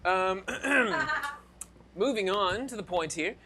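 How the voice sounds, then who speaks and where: A man's voice: high-pitched, animated, slow, noisy background. A man narrating as dungeon master of a streamed tabletop game, loose and rambling, with restarts and asides.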